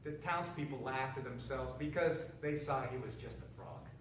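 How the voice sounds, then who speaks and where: A man reading a children's story aloud, expressive and slowing down for effect. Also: mid-range voice, a little hiss or hum. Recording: roomy echo, distant mic, faint ambience.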